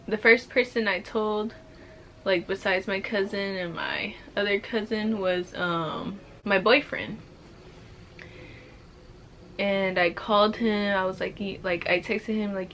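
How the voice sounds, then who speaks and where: 慢条斯理讲述怀孕经历的年轻女子，背景有轻微环境噪音. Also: female voice, medium pitch, a bit bright, slight background noise. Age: young adult. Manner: slow, emotional, many fillers like "like". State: currently pregnant. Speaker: vlogger. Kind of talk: casual storytelling.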